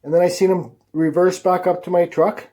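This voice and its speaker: Blunt, rambling man with a high voice. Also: little pitch movement, moderate pace, dark tone. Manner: blunt, rambling, swears freely. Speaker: woodcarving channel host. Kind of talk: casual vlog talk to camera.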